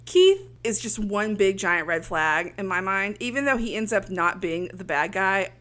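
A woman's voice: mid-range voice, animated, moderate pace, a bit bright. A woman co-hosting a podcast, casually recapping a movie with snark, frequent laughter and quoted voices. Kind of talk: casual chat.

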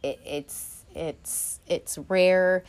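A woman's voice: fairly low pitch, fairly even intonation, very slow, darkish tone, clear, resonant tone. A woman hosting a casual film podcast, talking in a rambling way with lots of fillers and frequent swearing. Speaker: podcast host. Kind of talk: casual film review chat.

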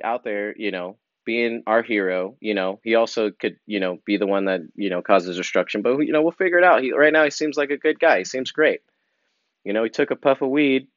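A man performing a rambling comic monologue, full of fillers and animated asides. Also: mid-range voice, no room sound, lo-fi sound. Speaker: comedian.

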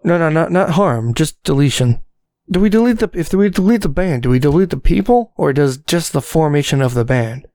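A man's voice: a little high, lively intonation, a little fast, a little mellow, dry recording. A man hosting a podcast in casual joking chat, goofy, bossy and mock-grandiose. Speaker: podcast host. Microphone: dynamic mic.

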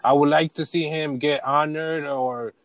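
A man in a casual chat, relaxed and agreeable, speaking in slang. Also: fairly high pitch, unhurried, poor audio.

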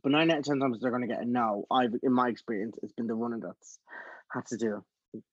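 Talking fast in a mid-range voice, this man in his thirties is a musical theatre actor spinning animated stories during a relaxed chat, imitating the voices of others. It's a dull, dry, close recording.

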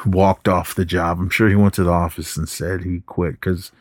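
Low-voiced man rambling through a film recap. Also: flat delivery, normal speed, dry recording, clean studio sound. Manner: rambling retelling with acted quotes. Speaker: podcast host.

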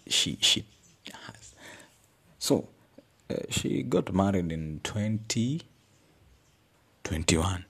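A man's voice: sits low, expressive, slow pace, vocal fry, breathy edge. A young adult man, telling a personal story in an earnest, reflective way as a podcast host. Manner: earnest, reflective, searching for words.

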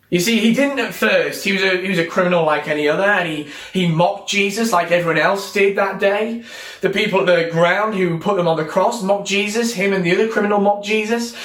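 A man hosting an online church talk, chatty and animated, with joking asides before a devotional message. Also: high-pitched, reverberant.

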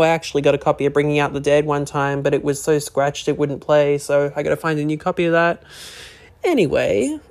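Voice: mid-range voice, a little mellow. Rambling casual podcast host. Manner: rambling, full of "you know" and "uh" fillers. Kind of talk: casual solo podcast talk.

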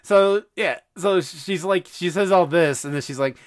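A man hosting a podcast, telling a story in casual chat, animated and swearing freely. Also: sits high, moderate pace, hardly any pauses. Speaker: podcast host.

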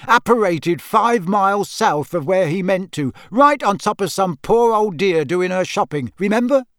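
A man's voice: high voice, animated, normal speed, no echo, clean studio sound, pitched above the performer's own voice. A cheeky teenage boy wizard, grinning as he teases, played by a man reading the story. His voice rides above the reader's own in a storybook reading. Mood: teasing. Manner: teasing, grinning.

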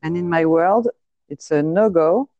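French woman, deep voice, French accent, deadpan teasing podcast host, dry close sound. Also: measured pace, no room sound, lo-fi sound. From France. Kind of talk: casual chat.

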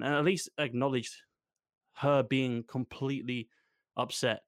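A man's voice: mid-range voice, steady tone, measured pace, dry recording, clean studio sound. A man rambling through a heated complaint, repeating himself and swearing.

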